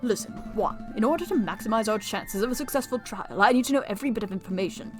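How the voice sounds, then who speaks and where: A woman's voice: mid-range voice, fast, music in the background, lightly acted. A woman voicing a stern male falcon defense attorney in a visual novel, formal and blunt. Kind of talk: reading a visual novel aloud.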